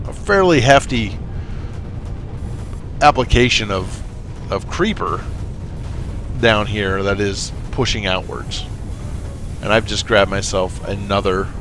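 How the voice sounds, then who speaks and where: A man casually commenting on his gameplay, rambling into stories with many fillers and restarts, and talking straight to the viewers. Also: fairly low pitch. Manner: coaching and encouraging, speaks straight to viewers. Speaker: let's play gamer.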